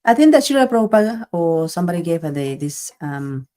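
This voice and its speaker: A woman's voice: on the low side, big pitch swings, a little fast, dark tone. A woman hosting a podcast in casual chat, talking in a reflective, thoughtful way. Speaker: podcast host.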